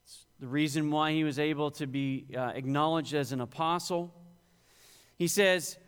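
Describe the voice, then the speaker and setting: A man's voice: fairly high pitch, fairly even intonation, moderate pace, clear, resonant tone. A male pastor preaching a sermon, rising in emphasis on quoted scripture. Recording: long hall reverb.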